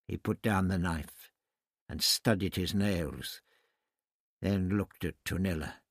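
A man reading a novel aloud in measured scripted narration. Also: sits low, dry recording, studio quality. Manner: measured storytelling. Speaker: audiobook narrator.

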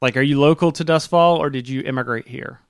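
A man's voice: medium pitch, fast talker, smooth, dry recording, clean studio sound. A man running a tabletop game, explaining the rules casually with many fillers. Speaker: game master.

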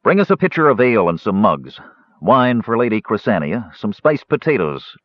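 A man voicing a steady half-elf leader who speaks firmly and commandingly. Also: on the low side, normal speed, dry recording, voice pushed up. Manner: firm, commanding. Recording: slightly dull audiobook recording.

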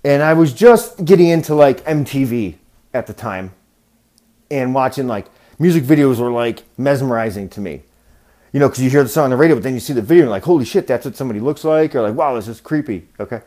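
A man's voice: mid-range voice, animated, a little fast, warm tone. A man hosting a podcast, telling rambling, profane stories in a casual monologue and acting out the voices of people he quotes. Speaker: podcast host.

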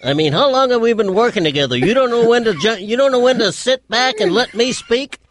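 A man's voice: extremely high pitch, animated, a little fast, background noise. A man doing dry, needling banter as a broadcaster in a played clip.

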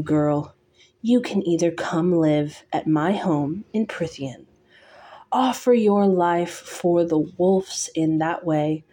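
A woman's voice: on the low side, warm tone. A woman voicing a scornful male fairy beast. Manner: cold, measured threats.

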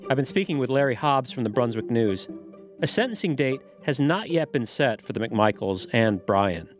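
A man hosts a news podcast with a steady, measured reading voice of middle pitch. Faint music plays quietly behind him.

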